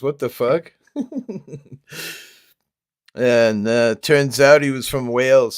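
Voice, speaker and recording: A man's voice: mid-range voice, clear, resonant tone, no echo, clean studio sound. A man with toothless, gummy speech, chatting casually on a livestream, laughing often and reading comments aloud. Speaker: livestream host reading chat.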